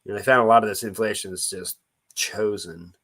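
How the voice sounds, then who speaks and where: Casual male live-streamer, low voice, loose and rambling, thanks viewers as they join. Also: fairly even intonation, brisk, fairly bright tone. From Missouri. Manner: rambling, restarts, greets viewers by name.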